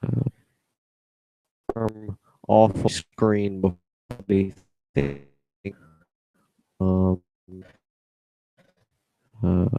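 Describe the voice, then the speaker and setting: A young man talks to himself while editing, in a slow, low-key mumble. His voice is mellow and fairly low, and he hums idly between thoughts. The recording is dry and close, with no room sound. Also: level tone, creaky, clean tone, dry recording. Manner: rambling, self-deprecating, hums to himself. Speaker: podcaster editing his show. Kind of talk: casual mumbled self-talk.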